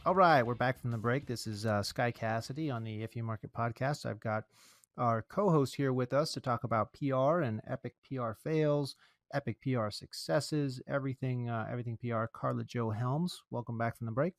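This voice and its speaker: A male podcast host chats casually with his co-host and drops playful jokes as he goes. His voice sits at an ordinary middle pitch. It is recorded close and dry, with no room sound around it. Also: moderate pace, no echo. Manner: joking, playful asides.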